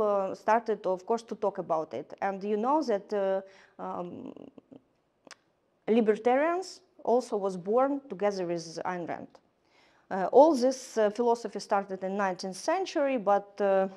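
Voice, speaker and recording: A woman giving a lecture in English, halting often with fillers and restarts. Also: mid-range voice, darkish tone. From Ukraine. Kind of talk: lecture to a class.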